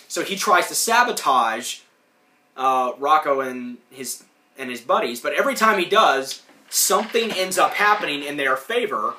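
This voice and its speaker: A man's voice: medium pitch, expressive, measured pace, pushed and bright. A man hosting a podcast, giving a casual, rambling, enthusiastic recap of a cartoon, full of fillers. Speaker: podcast host. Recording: roomy echo.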